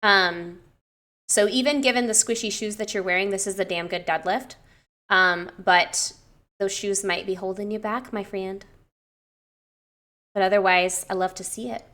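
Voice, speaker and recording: A young woman personal trainer casually reviewing clients' lifting technique, chatty and given to swearing and gushing excitement. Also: mid-range voice, normal speed, pauses often.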